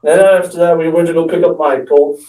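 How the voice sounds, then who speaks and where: Brisk and steady, this slightly high male voice has a dark tone. He tells a wandering funny story about his friends, starting over at points and performing what others said, like an amateur stand-up storyteller; the distant mic picks up an echoey room.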